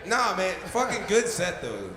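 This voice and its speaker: A man bantering as co-host, loud and teasing, quick to laugh. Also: high-pitched, wildly swooping pitch. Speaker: podcast co-host. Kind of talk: casual banter. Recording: echoey club with loud crowd.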